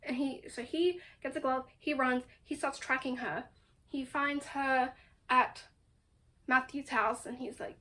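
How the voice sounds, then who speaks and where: A woman with a high voice recapping a book in a casual, chatty way. She tells it dramatically and sounds exasperated, with "like" sprinkled through every sentence. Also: fairly even intonation, moderate pace, a bit bright. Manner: chatty, full of "like". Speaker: book vlogger.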